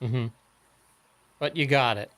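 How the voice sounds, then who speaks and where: A man co-hosting a podcast in casual chat, joking dryly with halting restarts. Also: medium pitch, fairly bright tone, dry recording. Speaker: podcast co-host.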